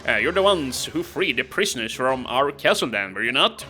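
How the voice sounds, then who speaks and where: Haughty enemy commander guy, a man reading it out, bright tone, formal questions. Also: medium pitch, sing-song, moderate pace, soft background music. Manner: formal, inquisitive reading of game text.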